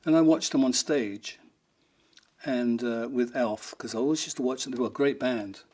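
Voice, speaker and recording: Guitarist guy spinning funny road stories, rambly and amused, mid pitch. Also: normal speed, darkish tone. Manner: rambling, amused, breaks into laughter, fond of the subject. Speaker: rock guitarist telling stories. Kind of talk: anecdotal storytelling in an interview.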